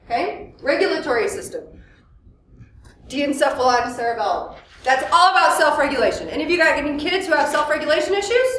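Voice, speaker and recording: A therapist giving a workshop lecture, lively and full of questions for the audience. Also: female voice, sits high, a little hiss or hum. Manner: lively, asks the audience questions, acts out quotes. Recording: echoey room, mic at a distance.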